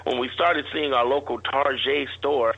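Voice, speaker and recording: A man's voice: medium pitch, fairly even intonation, moderate pace, husky, muffled recording. A man, a guest entrepreneur, telling a rambling anecdote in a casual interview.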